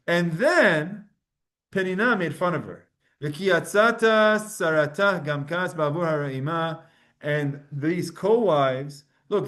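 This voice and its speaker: Male Torah teacher with a high voice, giving a relaxed line-by-line lecture. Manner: reads Hebrew verses then translates and explains them casually. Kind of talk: Talmud class lecture.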